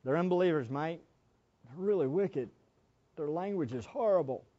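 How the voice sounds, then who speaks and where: A woman preacher giving an impassioned sermon, moving between loud exclamations and hushed asides. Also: low-pitched, lively intonation, normal speed. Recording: dull lo-fi sermon recording.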